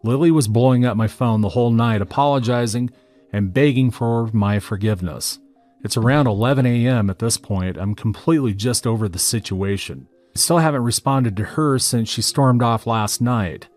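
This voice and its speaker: A man reading out a first-person story as a narrator, in a steady, matter-of-fact way. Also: mid-range voice, moderate pace, faint music behind.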